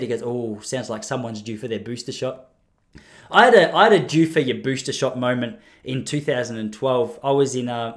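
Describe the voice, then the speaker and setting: Rambling man telling stories. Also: mid-range voice. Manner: rambling, self-deprecating storytelling with laughs. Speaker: streamer. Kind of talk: casual live chat.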